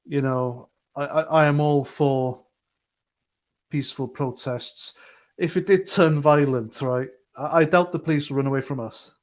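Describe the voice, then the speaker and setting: A man's voice: fairly high pitch, steady tone, measured pace. A man hosting a livestream, talking earnestly and rambling as he reads out chat comments. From Britain. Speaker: livestream host.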